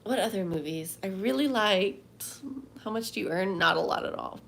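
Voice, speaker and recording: A woman's voice: mid-range voice, animated, moderate pace, vocal fry, fairly bright tone. A woman livestreaming from home, chatting casually and rambling as she answers viewers' comments. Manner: chatty, rambling, reads chat aloud.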